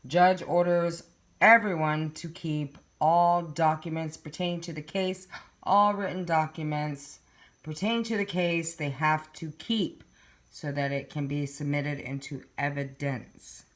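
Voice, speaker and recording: A low-pitched woman speaks slowly and casually, addressing her viewers directly as she works through case papers. She turns emphatic and indignant when driving home a point. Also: steady tone. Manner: chatty, addresses viewers directly, reads documents aloud. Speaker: true crime vlogger. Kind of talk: casual talk to camera.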